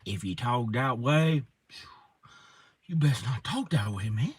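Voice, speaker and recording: A man's voice: mid-range voice, lively intonation, slow, husky, no room sound. A man alone in his car in the woods, rambling through an improvised stand-up monologue in a loose stream-of-consciousness way. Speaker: amateur comedian.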